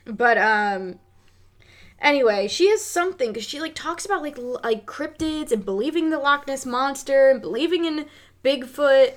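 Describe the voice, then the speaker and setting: A woman co-hosting a casual podcast, reviewing a movie in a rambling, sweary, animated way. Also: a little high, brisk. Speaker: podcast co-host.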